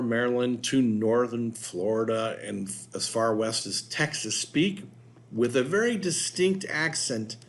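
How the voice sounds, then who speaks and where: Host voice: mid-pitched man reading text aloud with casual off-script asides. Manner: reads aloud, adding loose asides and fillers. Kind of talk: casual narration reading from notes.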